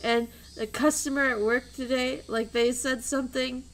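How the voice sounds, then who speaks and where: Animated swearing woman streamer. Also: sits high, moderate pace, a little hiss or hum. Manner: animated, loud and profane when ranting. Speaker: streamer reading a visual novel. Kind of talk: casual streamed read-aloud with chat.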